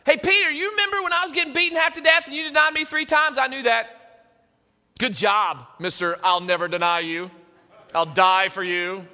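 A preacher acting out a sarcastic man scolding his friend, loud and pressing, in a hall with long reverb. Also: very high voice, moderate pace, pitched above the performer's own voice, full character voice.

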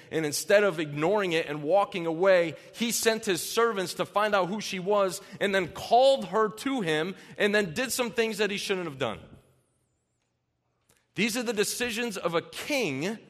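A slightly high, somewhat bright male voice fills a large, reverberant church hall. He reads scripture during his sermon, then explains it earnestly and in casual language.

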